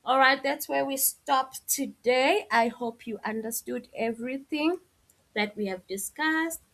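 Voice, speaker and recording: A woman's voice: high-pitched, measured pace, fairly bright tone. A woman teaching a language lesson, patiently explaining and translating example sentences. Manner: explains patiently, switching between Zulu and English with translations.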